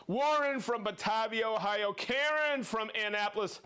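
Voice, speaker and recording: A man hosting a live product show, reading out viewer shout-outs with exuberant, playful energy, whooping and joking between names. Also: sits high, normal speed, clear, resonant tone.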